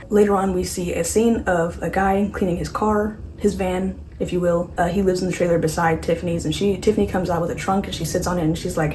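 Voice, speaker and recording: A woman chats through a horror movie recap in a casual, sarcastic way, tossing off quick asides. Her voice sits on the low side. A faint hum of noise runs underneath. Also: low-quality recording.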